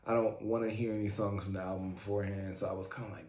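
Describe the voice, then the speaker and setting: Guy rambling about an album he loves, lowish voice, roomy echo. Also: fairly even intonation, quick pace, hardly any pauses, darkish tone, a little hiss or hum. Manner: chatty, fan-like, many fillers. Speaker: music reaction host. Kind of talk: casual album reaction commentary. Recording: roomy echo, faint music.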